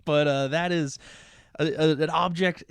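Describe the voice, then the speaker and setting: A man co-hosting a comedy podcast, cracking deadpan jokes and giggling often. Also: on the high side, measured pace, clear, resonant tone, no echo. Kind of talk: casual comedic banter.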